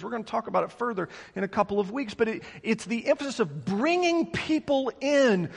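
A male pastor delivers an earnest sermon, unpacking scripture for his congregation. His voice sits high for a man, and a long reverb trails each phrase through the church sanctuary. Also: creaky, a bit bright. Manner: preaching, explaining scripture in earnest.

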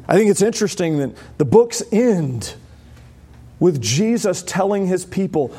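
Male pastor, sermon, warm mellow voice, slightly husky, fairly high pitch. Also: big pitch swings, measured pace. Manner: conversational, emphatic preaching with rhetorical questions. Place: church.

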